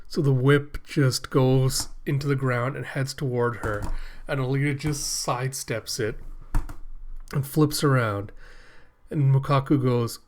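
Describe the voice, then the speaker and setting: A man with a mid-range voice and steady tone hosts a casual reaction video. He retells a comic in a chatty, paraphrasing style, tossing in quick asides.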